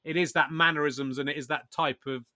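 A man hosting a podcast interview, chatty and eager, quickly agreeing with his guest. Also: on the high side, steady tone, bright, forceful tone, no room sound, studio quality. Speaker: podcast host. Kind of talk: casual chat.

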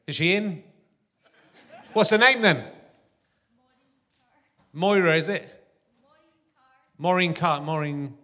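A man's voice: on the high side, takes it slowly, pauses often, bright, forceful tone. A man hosting a live comedy podcast on a theatre stage, rambling and self-deprecating, laughing often. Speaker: podcast host.

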